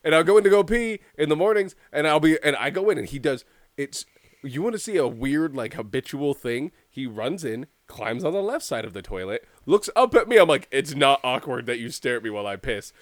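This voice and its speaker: A man's voice: fairly high pitch, lively intonation, fairly quick, no echo, studio quality. A young man chatting casually on a podcast, telling comic stories, swearing freely and acting out voices. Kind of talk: casual chat, comic storytelling.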